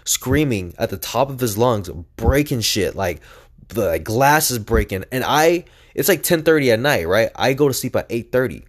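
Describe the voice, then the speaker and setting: A man's voice: medium pitch, expressive, normal speed. A young man telling a personal story on his own podcast, rambling and earnest, filling his talk with "like". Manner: rambling, heavy use of "like", earnest.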